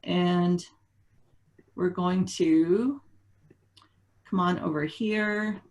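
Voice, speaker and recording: Unhurried woman presenting a webinar. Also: fairly low pitch, fairly even intonation, darkish tone, poor audio. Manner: unhurried, conversational, asks the group questions. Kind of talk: teaching a webinar.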